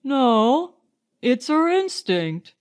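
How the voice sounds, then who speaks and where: A woman's voice: high-pitched, sing-song, extremely slow, voice pushed up, exaggerated voice. A woman doing a dreamy young British officer. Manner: dreamy, earnest.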